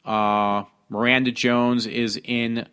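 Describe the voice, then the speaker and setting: A man from hosts a casual talk show at an ordinary mid pitch. He reads news stories aloud, stumbling through ums and restarts as he comments on them. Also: flat delivery, takes it slowly, fairly bright tone, clean tone. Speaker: podcast host.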